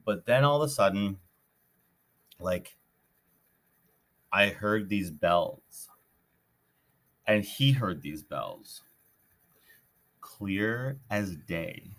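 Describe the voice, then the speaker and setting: A man's voice: fairly low pitch, animated, extremely slow, pauses often, a bit bright. A man hosting a podcast, telling a story in a rambling, casual way with many restarts. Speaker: podcast host.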